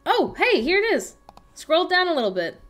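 A woman's voice: very high-pitched, very animated, normal speed, fairly bright tone. A young woman chatting playfully and teasing on a casual livestream from home. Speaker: livestream co-host. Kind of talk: casual chat on a productivity livestream.

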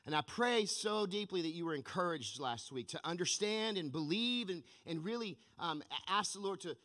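A man's voice: high-pitched, lively intonation, moderate pace, pushed and bright. A man preaching a sermon as pastor, telling stories with energy in a church sanctuary. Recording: long reverb of a large church hall.

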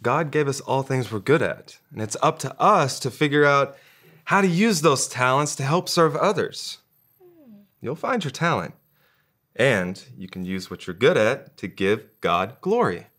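A man hosting a children's church show, talking in a gentle, encouraging way. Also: medium pitch, animated, unhurried. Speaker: show host.

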